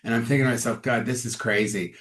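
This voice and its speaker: A man, an actor and comedian, chatting as an interview guest and telling animated stories in which he acts out other people's lines. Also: medium pitch, quick pace. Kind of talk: casual interview storytelling.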